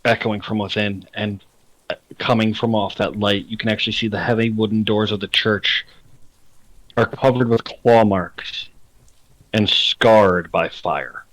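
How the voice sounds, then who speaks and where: A man's voice: fairly low pitch, steady tone, a bit bright, no echo, rough recording. Dry-sounding man narrating as game master. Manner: slow, deliberate scene description. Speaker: dungeon master.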